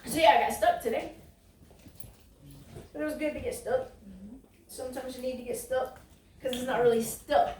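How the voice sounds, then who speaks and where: A woman's voice: high-pitched, slight background noise. A woman pastor, preaching a sermon in a conversational, folksy way and drawing answers from her congregation. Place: church sanctuary. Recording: roomy, distant church recording.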